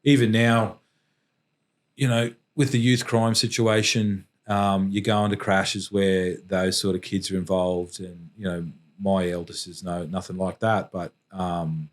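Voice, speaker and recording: A middle-aged Australian man, a podcast guest, telling a painful personal story in a halting, reflective way with many restarts. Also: low-pitched, level tone.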